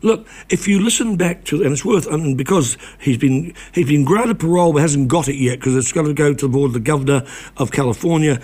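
An older man, a former reporter, talking as a guest in a casual conversation, halting often with restarts and repeated words. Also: a little high, darkish tone.

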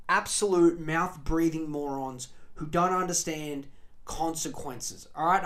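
A man's voice: on the high side, a bit bright. Australian man, podcast host, angry rant, sweary, sarcastic. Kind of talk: ranting monologue.

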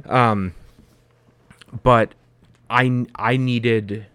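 A man's voice: medium pitch, fairly even intonation, extremely slow, a bit bright, no echo. A man hosting a podcast, talking casually with lots of fillers and restarts. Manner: rambling, many fillers and restarts. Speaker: podcast host. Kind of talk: casual conversation.

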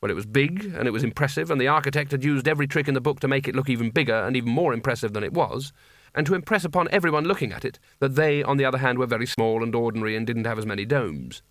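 Casting: measured, wry male audiobook narrator, mid-range pitch, dry studio sound. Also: fairly bright tone, dry recording. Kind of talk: scripted narration.

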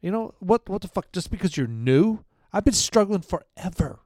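A man's voice: high-pitched, sing-song, normal speed, a little mellow, no echo, clean studio sound. A middle-aged American man co-hosting a podcast, ranting with heated indignation. He swears freely and often restarts his sentences. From United States. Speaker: podcast co-host. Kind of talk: casual profane podcast rant.

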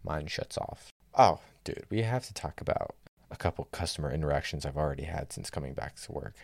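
A man's voice: extremely low pitch, lively intonation, quick pace, creaky, no echo, studio quality. A young man telling stories in casual chat, exasperated and sardonic, swearing freely. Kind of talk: casual storytelling rant.

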